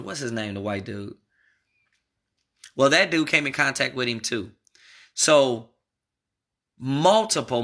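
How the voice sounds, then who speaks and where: A man's voice: medium pitch, sharp tone. A man giving casual political commentary in a video, rambling and emphatic, speaking straight to his viewers.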